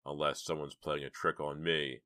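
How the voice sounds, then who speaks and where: Audiobook reading: headstrong teen boy, firm and urgent, very deep voice, read by a man. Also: little pitch movement, moderate pace, bright, forceful tone, clean tone, no echo, clean studio sound. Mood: determined. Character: determined teenage boy, stubborn.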